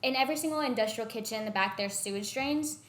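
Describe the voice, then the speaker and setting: A woman's voice: a little high, fast, fairly bright tone. A young woman guesting on a podcast, retelling a work story casually with many "like" fillers. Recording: echoey room.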